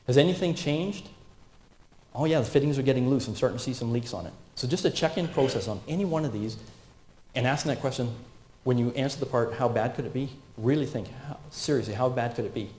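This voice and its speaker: Brief: man in his 50s, conference safety talk, mellow tone, roomy hall. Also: medium pitch. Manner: animated, asks the audience questions. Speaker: safety speaker. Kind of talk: conference presentation.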